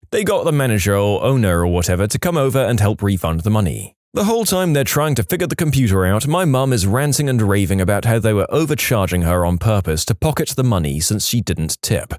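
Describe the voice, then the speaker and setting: Lively man reading reddit stories. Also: lowish voice, a little fast, few pauses, dry recording, clean studio sound. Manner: lively storytelling, mocking quoted voices. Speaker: narrator.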